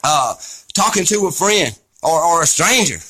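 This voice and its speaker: A man's voice: on the high side, expressive, normal speed, bright, forceful tone, breathy edge. A man delivering an impassioned, preachy rant to camera, fiery, scolding, blunt and profane. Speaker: vlogger.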